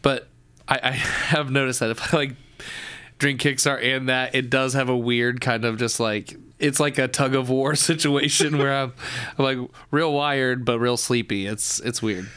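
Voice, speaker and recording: A man's voice: medium pitch, normal speed, clear, resonant tone, dry recording. A young adult man, a guest on a podcast, talking casually with lots of fillers. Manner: relaxed, filler-heavy, laughs often. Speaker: guest, church elder and musician. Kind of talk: casual interview.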